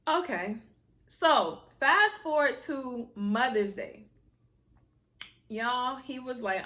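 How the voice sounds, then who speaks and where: A young woman tells her viewers a personal story in a casual, animated way, using lots of slang and exasperated asides. Her voice is high-pitched and slow, with frequent pauses.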